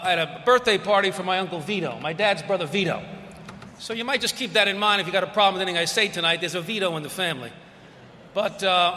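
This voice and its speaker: A man giving a public lecture as guest speaker, telling stories with quick asides. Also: sits high, bright, forceful tone, big-room sound, a little hiss or hum.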